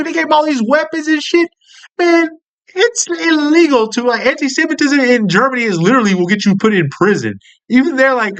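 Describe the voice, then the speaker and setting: A man's voice: high voice, a bit bright. An American man giving casual, profane commentary, blunt and incredulous. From United States.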